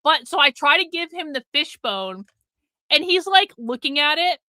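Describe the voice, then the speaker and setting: A woman with a high, bright, tense voice hosts a live stream, talking casually to her viewers. She tells a rambling story full of swearing and swings between loud and quiet. The sound is dry and close, with no room around her. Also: very animated, normal speed, dry recording. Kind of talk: casual chat to a live audience.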